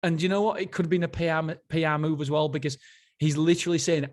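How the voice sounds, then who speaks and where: A man's voice: on the high side, steady tone, quick pace, a little mellow. A man hosting a casual solo book review, enthusiastic and rambling, often restarting his sentences. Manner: enthusiastic, rambling, self-interrupting. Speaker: podcast host.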